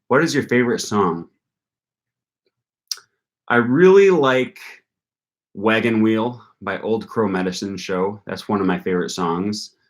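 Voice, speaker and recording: A young adult man from North Carolina answers viewer questions on a live stream, relaxed and rambling. His voice sits a little low, and he thinks aloud casually, pausing often with ums.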